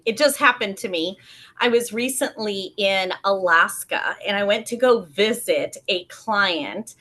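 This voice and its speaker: Woman panelist, lively storyteller, mid-pitched voice, does voices of people. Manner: animated storyteller acting out quoted voices. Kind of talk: casual panel chat.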